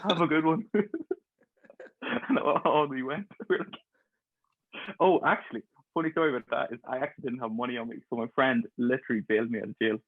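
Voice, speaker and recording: A man's voice: mid-range voice, brisk, slightly rough, no room sound. Man telling stories over a tinny call. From Ireland. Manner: chatty, laughs through his stories. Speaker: guest, pharmacist. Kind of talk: casual storytelling. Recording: thin phone-like call audio.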